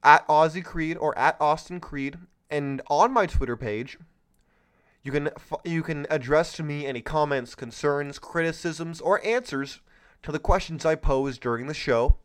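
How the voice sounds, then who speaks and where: A man's voice: on the high side, measured pace, clear, resonant tone. A man hosting his own commentary podcast, talking in a sarcastic, mocking way with lots of exclamations. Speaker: podcast host. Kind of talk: solo political commentary podcast.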